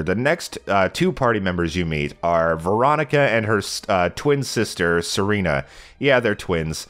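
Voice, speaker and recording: An American man gushing over a video game in a casual monologue as a let's play host, animated and sometimes swearing. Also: sits low. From United States.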